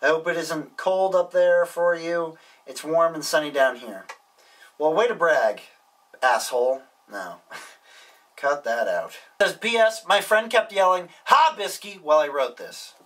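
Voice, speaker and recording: Young man, bright tense voice, slightly high, dry wisecracks, casual vlog, a bit far from the mic. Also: expressive, a little slow. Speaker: YouTuber reading viewer mail. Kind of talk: casual vlog, reading postcards aloud.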